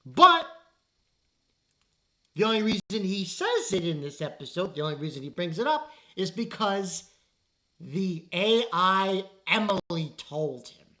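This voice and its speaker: A man's voice: high voice, expressive, a bit bright. Exasperated, rambling man reviewing anime. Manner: exasperated, rambling, halting with fillers. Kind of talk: casual spoken review.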